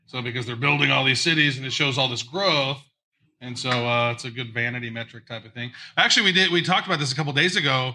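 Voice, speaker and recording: A man co-hosting a podcast live, chatty and quick to laugh at the jokes. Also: medium pitch, pushed and bright. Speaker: podcast co-host. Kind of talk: casual live podcast chat.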